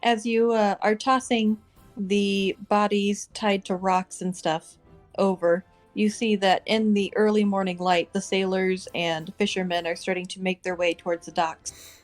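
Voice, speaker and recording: A woman narrating as dungeon master for a tabletop game, laid-back and quick to laugh. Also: mid-range voice, level tone, faint music behind.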